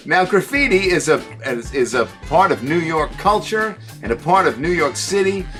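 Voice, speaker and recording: A man hosting a casual show, telling comic stories in an animated way and laughing at his own jokes. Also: on the high side, moderate pace, faint music behind. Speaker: show host. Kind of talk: casual comedic storytelling.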